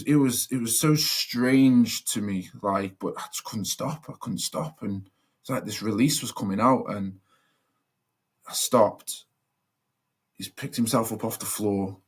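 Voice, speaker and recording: A young man telling a personal story as a podcast guest, earnest and reflective, with many fillers and restarts. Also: fairly low pitch.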